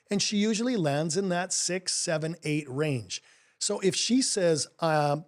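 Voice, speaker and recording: A man's voice: on the high side, measured pace. A middle-aged man co-hosting a relationship coaching podcast, telling stories in an upbeat, emphatic way. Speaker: co-host, life coach. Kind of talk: casual podcast conversation.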